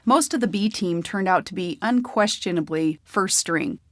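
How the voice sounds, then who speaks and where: A woman's voice: fairly low pitch, moderate pace, dry recording, studio quality. Woman reading a memoir plainly. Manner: plain, conversational storytelling. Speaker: audiobook narrator. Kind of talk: memoir audiobook narration.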